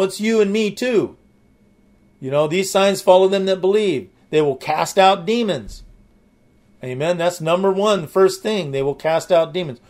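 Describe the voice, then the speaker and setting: A man's voice: on the high side, darkish tone. A man preaching a sermon, explaining the meanings of words with enthusiasm and frequent restarts. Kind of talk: sermon teaching.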